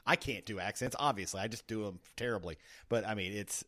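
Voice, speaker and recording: A man's voice: on the low side, fairly quick, bright, forceful tone. A man co-hosting a movie podcast, chatting casually and giving emphatic opinions. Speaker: podcast co-host. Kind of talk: casual chat.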